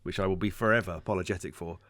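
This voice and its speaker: Low-voiced guy rambling on a podcast, dry close sound, self-deprecating. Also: fairly even intonation, rapid-fire, fairly bright tone, no room sound. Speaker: podcast co-host. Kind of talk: casual podcast chat.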